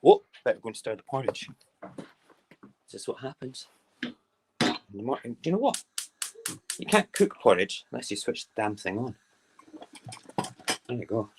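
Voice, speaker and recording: A man's voice: mid-range voice, animated, normal speed, long pauses, background noise. A Scottish man hosting a casual morning live stream from home, chatty and fond of repeating words in playful runs. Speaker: live-stream show host. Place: home, moving between kitchen and windows.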